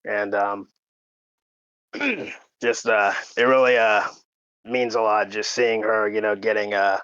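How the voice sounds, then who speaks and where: A man co-hosting a podcast, talking in a halting, emotional way full of fillers and restarts, fighting back tears. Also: fairly low pitch, little pitch movement, fairly bright tone, smooth, no room sound, highs cut off. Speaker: podcast co-host. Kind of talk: casual podcast chat.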